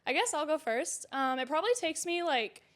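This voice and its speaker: A woman's voice: high-pitched, lively intonation, brisk, a bit bright. A young woman hosting a podcast in casual chat, talking with lots of fillers. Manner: chatty, many fillers. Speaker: podcast host.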